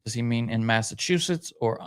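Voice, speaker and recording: A man's voice: mid-range voice, a little fast, smooth. A man co-hosting a podcast, reading viewer comments aloud with lots of hesitant fillers. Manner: hesitant, many uhs, laid-back. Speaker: podcast co-host.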